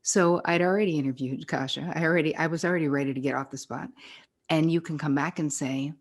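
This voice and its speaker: Middle-aged woman therapist on a podcast, deep voice, blunt and sweary. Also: fairly even intonation, fast. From New York area. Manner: blunt, profane, acts out quoted people. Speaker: psychotherapist guest. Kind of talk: casual podcast conversation.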